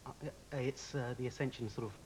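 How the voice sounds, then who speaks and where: A man's voice: mid-range voice, steady tone, brisk, a little mellow, a little hiss or hum. A man, a talent show contestant and musician, giving brief modest answers on a TV studio stage.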